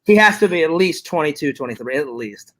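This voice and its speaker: A man with a high-pitched voice rambles through stories and apologies in casual podcast talk. He stops and restarts often, leaning on fillers as he goes. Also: expressive, a bit bright. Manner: rambling, halting storytelling with many fillers. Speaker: podcast co-host. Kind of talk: casual chat.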